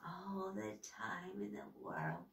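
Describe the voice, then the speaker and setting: A woman voicing a hulking, sinister woman in gray robes, with a slow, raspy, menacing whisper, in an echoey room. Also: medium pitch, sing-song, far from the mic, full character voice.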